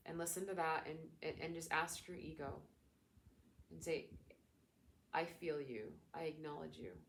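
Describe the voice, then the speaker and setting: A woman talking as a spiritual coach in a casual, gentle, reflective teaching style. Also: low-pitched, slight background noise. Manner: gentle, soothing, reflective, with chatty fillers.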